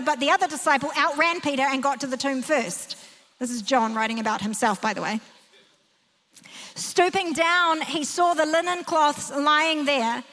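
A woman's voice: sits high, bright, forceful tone. A woman preaching a sermon. She tells the story vividly and drives her points home with emphasis. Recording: long reverb of a large hall.

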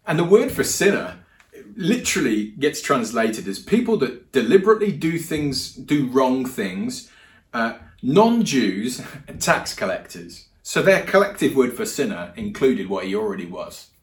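A man preaching a sermon, retelling Bible stories in a lively, conversational way with frequent restarts and repeated words. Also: mid-range voice, unhurried, distant mic. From England. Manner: animated, repeats words, acts out voices in stories. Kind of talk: sermon storytelling. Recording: echoey room, speaker away from mic.

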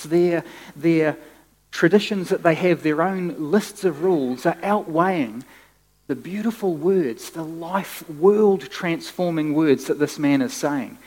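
Male pastor, sermon, lively conversational delivery, somewhat high voice, long hall reverb. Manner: animated, conversational preaching with restarts.

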